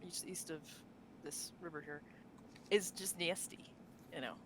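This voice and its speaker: A woman's voice: on the low side, steady tone, measured pace, slight background noise, rough recording. A woman co-hosting a casual podcast chat about tabletop game lore, talking loosely with fillers and frequent laughs. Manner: chatty, laughs often, many fillers and restarts. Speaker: podcast co-host.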